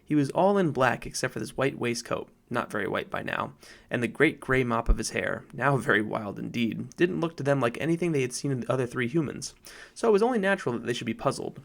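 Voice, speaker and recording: A man reading a children's storybook aloud in a measured, expressive way. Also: medium pitch, vocal fry. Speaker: audiobook narrator. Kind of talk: storybook narration.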